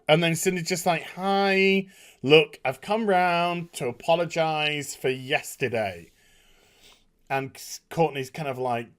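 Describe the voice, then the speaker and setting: A man's voice: on the high side, slow. A man giving a casual spoken review of a TV episode, acting out the characters' lines as he recaps. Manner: animated, acts out characters' lines while recapping. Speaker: TV show reviewer.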